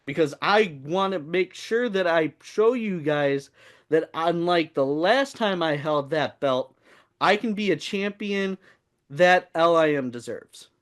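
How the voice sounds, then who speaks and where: A man's voice: a little high, expressive, slow pace, a bit bright. A man joining a comedic podcast, boastful and playful. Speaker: podcast regular.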